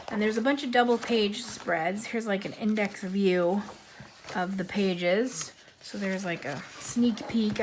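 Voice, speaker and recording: A woman's voice: mid-range voice, slight background noise. A woman vlogger chatting casually about a coloring book haul, gushing and bubbly, while losing her voice. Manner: bubbly, gushing, repeats 'super'. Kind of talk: casual chat.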